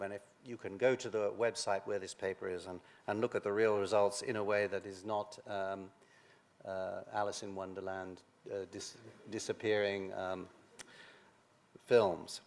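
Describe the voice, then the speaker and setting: An older man giving a science lecture, halting, with many pauses and restarts. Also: fairly low pitch, steady tone, darkish tone. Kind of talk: academic lecture.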